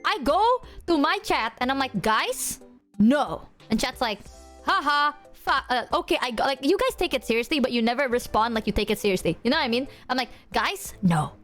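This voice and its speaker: A woman's voice: high voice, animated, quick pace, fairly bright tone, soft background music. A young woman streaming and chatting casually with her viewers, bubbly, laughing often and swearing freely.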